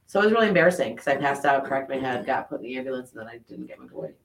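Fast-talking man telling a story in a roomy room. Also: mid-range voice, recorded from a distance, slight background noise. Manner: animated, swearing, quick storytelling. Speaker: podcast co-host. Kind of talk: casual storytelling chat. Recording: roomy sound from off the mic.

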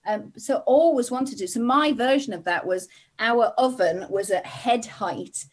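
A woman in her forties from Middlesbrough, telling stories as a podcast guest in lively casual chat. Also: a little high, a little slow, slightly rough. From England (Middlesbrough). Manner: lively storyteller, laughs often. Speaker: guest, TV presenter.

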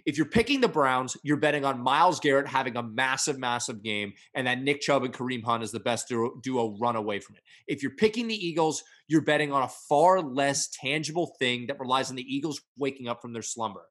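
A man's voice: medium pitch, expressive, brisk, few pauses, a bit bright. A man co-hosting a sports podcast, giving blunt, opinionated takes in casual chat. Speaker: podcast co-host.

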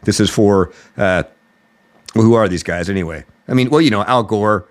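A man's voice: lowish voice, normal speed. Sarcastic ranting male podcast host. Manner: sarcastic, mocking, exasperated. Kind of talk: political commentary rant.

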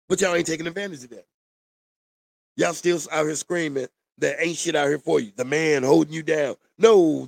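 A man's voice: a little high, gravelly, no echo, studio quality. A man ranting to the camera in a blunt, profane, preachy monologue. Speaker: vlogger. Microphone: camera mic.

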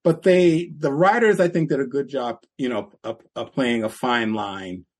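Husky-voiced guy chatting on a podcast, animated, laughs as he goes. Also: medium pitch, normal speed. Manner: animated storytelling, acts out quotes with laughs. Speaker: podcast co-host. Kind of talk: casual podcast chat.

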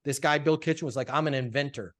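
A man, a sales coach being interviewed, telling stories in a casual, animated way and acting out the dialogue. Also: on the high side, quick pace. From Colorado, USA.

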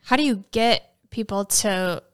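A woman's voice: medium pitch, a little slow, a bit bright, clean tone. A woman hosting a podcast interview, asking questions and thanking her guest in a friendly, affirming way. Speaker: podcast host. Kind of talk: casual interview chat.

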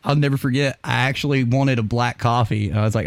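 A man's voice: medium pitch, fairly even intonation, fairly quick, gravelly, no echo. A man hosts a podcast in loose, casual chat, swearing freely and laughing between his stories. His voice sits in a middle range. The sound is dry and close, with no room around it. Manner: profane, laughs often, tells stories. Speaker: podcast host.

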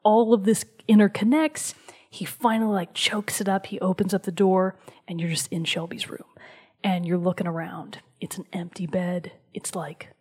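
A woman hosting a show, casually recounting a video game story and dropping into a soft whisper for emphasis. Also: on the low side, little pitch movement, moderate pace, husky. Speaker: show host.

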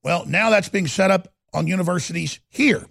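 A man hosting a talk radio show, delivering a heated, ranting monologue that swings between loud and quiet. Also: high-pitched, moderate pace, vocal fry, dry recording, studio quality.

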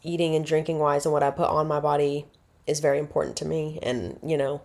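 A woman's voice: sits low, level tone, brisk, vocal fry, darkish tone. A woman, hosting a casual solo podcast and rambling chattily, correcting herself as she goes. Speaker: podcast host.

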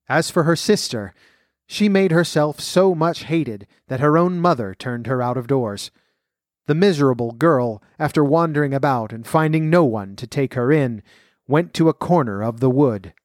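A man reading a fairy tale aloud and commenting on its folklore roots in a measured, clear voice. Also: medium pitch, no echo, studio quality. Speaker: storyteller.

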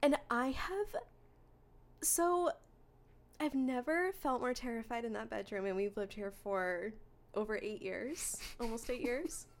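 A young woman co-hosting a podcast, chatting casually and telling a story with animated energy. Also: on the high side, a little slow, slight background noise. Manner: animated storyteller, acts out her own screams. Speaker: podcast co-host. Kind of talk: casual chat.

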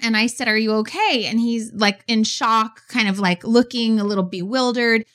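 A woman's voice: on the high side, normal speed. Chatty woman telling a story. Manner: animated, chatty, many "like" fillers. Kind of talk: casual storytelling.

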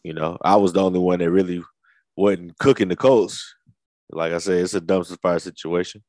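A man with a low voice giving a relaxed, measured take on a football team. The sound is dry and close, and he talks unhurried, leaning on small fillers as he works through his point. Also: dry recording. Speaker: podcast co-host. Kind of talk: casual sports talk.

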